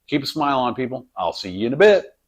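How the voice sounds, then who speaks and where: A man's voice: mid-range voice, very animated, fast talker, slightly rough. A man hosting a home cooking vlog, chatting in a rambling, jokey way while he works in his kitchen. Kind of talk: casual cooking vlog chat. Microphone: camera on a tripod.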